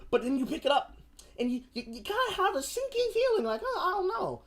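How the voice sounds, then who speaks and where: Animated, profane woman ranting on stream. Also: high-pitched, quick pace. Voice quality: profane, animated, slips into mocking voices. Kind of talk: casual ranting commentary.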